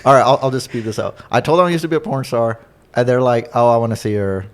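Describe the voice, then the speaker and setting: A young man, a stand-up comedian and podcast guest, telling crude stories in a relaxed, profane way and laughing as he goes. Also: medium pitch, quick pace. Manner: laid-back, profane, laughs through his stories. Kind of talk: casual storytelling chat.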